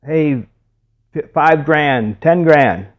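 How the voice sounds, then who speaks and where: A man voicing a male auctioneer who briskly calls out rising bids. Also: a little high, voice pushed up. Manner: brisk, calling out. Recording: dull lo-fi recording.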